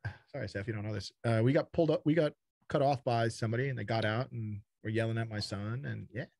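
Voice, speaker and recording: A man's voice: medium pitch, quick pace, vocal fry, a little mellow, dry recording, studio quality. A man from Texas, a startup founder speaking as a podcast guest, talking bluntly and casually, swearing and repeating words as he goes.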